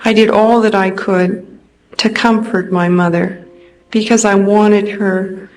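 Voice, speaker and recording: A woman from California giving an earnest, unhurried personal testimony, pausing often with hesitations. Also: mid-range voice, steady tone, rough recording. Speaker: speaker recounting a near-death experience. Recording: restored old recording with faint noise.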